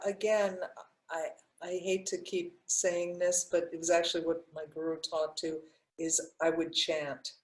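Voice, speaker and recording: An older woman with a lowish voice answers questions about breathing practice. She talks loosely, full of fillers and restarts. Her voice carries around an echoey room. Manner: warm, rambling, many restarts and fillers. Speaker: breathwork teacher. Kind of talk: live Q&A answers.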